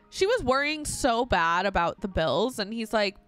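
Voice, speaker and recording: A woman's voice: a little high, expressive, a little slow, hardly any pauses, a bit bright, faint music behind. A young woman casually commentating her life-sim gameplay, gushing and giggling often. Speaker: gaming channel host. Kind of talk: casual let's play commentary.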